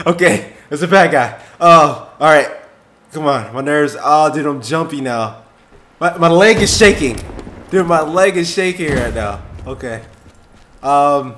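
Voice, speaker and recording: A young man hosting a gaming video, talking casually through gameplay in a jumpy, excitable way with frequent yelps and swearing. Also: a little high, moderate pace, slight background noise.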